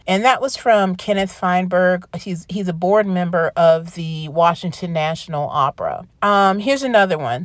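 A woman's voice: on the low side, normal speed, few pauses, no room sound. A woman hosting a podcast as a classical singer, talking casually and emotionally with many restarts and apologies. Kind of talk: casual podcast talk with read-aloud quotes.

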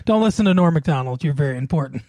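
A man's voice: fairly high pitch, expressive, racing, warm tone, no room sound. A man co-hosting a casual comedy podcast, laughing often as he quizzes his co-host.

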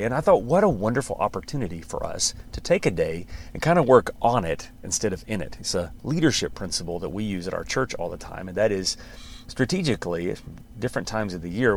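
Pastor guy chatting on his podcast, lowish voice, laughs a bit, trips over words. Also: a little hiss or hum. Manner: conversational, warm encouragement with chuckles and restarts. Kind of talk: casual podcast teaching.

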